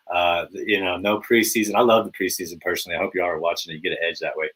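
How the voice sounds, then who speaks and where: A man's voice: deep voice, rapid-fire, hardly any pauses, husky, rough recording. A man hosting a live fantasy football podcast, talking casually and with energy, peppering his lines with "man" and "baby". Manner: energetic, hype, repetitive "man" and "baby" fillers. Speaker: podcast host.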